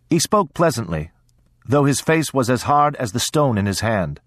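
A man reading a first-person story aloud in a measured, steady way, as an audiobook narrator. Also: mid-range voice, no room sound, studio quality.

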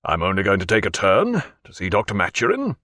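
A formidable, gruff naval captain who gives blunt orders and swears when crossed, read by a man narrating a novel. The voice sits low and swings widely in pitch, and the recording is dry and close. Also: wildly swooping pitch, a little fast, pushed and bright, dry recording, exaggerated voice. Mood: commanding.

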